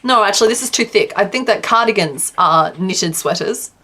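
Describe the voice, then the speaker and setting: This young woman, who has a southwest Western Australian accent, crochets and reads her chat during a casual live stream, often laughing and putting herself down in jest. Her mid-range voice is expressive, pushed, and bright, moving at normal speed.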